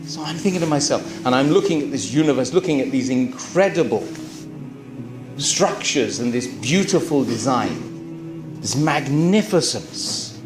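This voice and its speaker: A man, a Muslim preacher, telling his story to a live audience in an animated way, full of rhetorical questions. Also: mid-range voice, a little slow, reverberant, over music. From Britain.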